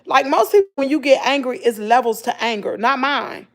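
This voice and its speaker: Using a high voice at a moderate pace, a middle-aged woman with a Southern accent vlogs about hard times. Her manner is casual, emotional, and animated, and she refers to her viewers as "y'all."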